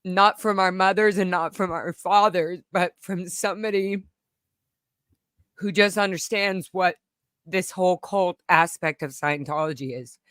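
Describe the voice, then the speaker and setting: A woman's voice: fairly low pitch, a little slow, fairly bright tone, clean tone, no room sound. Impassioned woman guest, dry close sound. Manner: impassioned, emphatic, gets emotional. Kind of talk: candid conversational interview.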